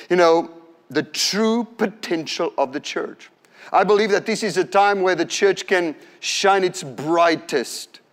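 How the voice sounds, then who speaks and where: A middle-aged man preaching a sermon, telling a story with fervent, emphatic repetitions. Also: on the high side.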